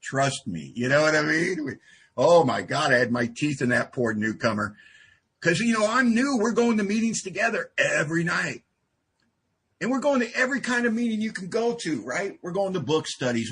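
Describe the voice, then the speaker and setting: A man giving a humorous share at a recovery meeting, an animated storyteller who acts out dialogue. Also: a little high, breathy edge. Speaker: AA speaker.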